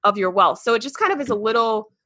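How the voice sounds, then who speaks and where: A woman in her forties co-hosting a casual podcast chat, animated and quick to laugh, often restarting her sentences. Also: fairly high pitch, no room sound. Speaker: podcast co-host.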